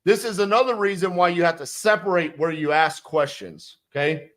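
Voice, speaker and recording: A man with a slightly high voice coaches sales. He is blunt and emphatic and swears freely, and he acts out both sides of a call as he picks a script apart. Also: normal speed, fairly bright tone. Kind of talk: instructional commentary on a sales script.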